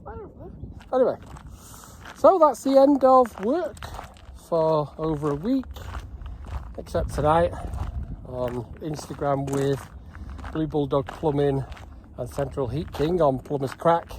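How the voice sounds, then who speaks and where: A man's voice: on the high side, expressive, takes it slowly, long pauses, darkish tone, slight background noise. An older man, rambling chattily through a casual vlog. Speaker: gas training vlogger.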